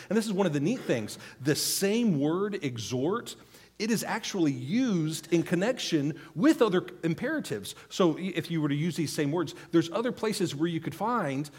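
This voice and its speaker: A man in his thirties delivering a sermon in a church, his voice a little husky. He speaks unhurriedly, with a lively rise and fall, teaching earnestly and pleading his points to the congregation. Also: fairly high pitch, measured pace. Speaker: pastor.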